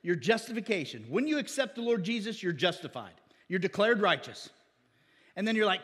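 A man's voice: high-pitched, big pitch swings, brisk, a bit bright, husky, big-room sound. A man preaching as pastor, often calling for an amen from the congregation. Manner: call-and-response asking amen. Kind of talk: sermon.

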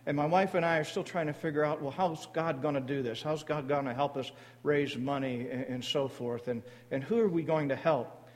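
A man speaking to a church congregation about his mission board, halting often with fillers and restarts. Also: a little high, fairly even intonation, a little mellow. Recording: long hall reverb.

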